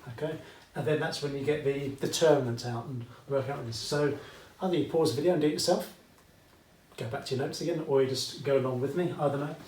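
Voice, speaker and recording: A man's voice: mid-range voice, fast, a little mellow, a little hiss or hum. A British man teaching a maths lesson at a whiteboard, chatty and fond of asides, checking in with "okay?" often. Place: classroom with whiteboard. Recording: echoey room, voice from far off.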